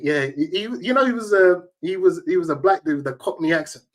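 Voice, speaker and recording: A man's voice: on the high side, lively intonation, moderate pace, a bit bright. A man, a tournament organizer telling emphatic, slang-heavy stories as an interview guest. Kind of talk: casual interview storytelling.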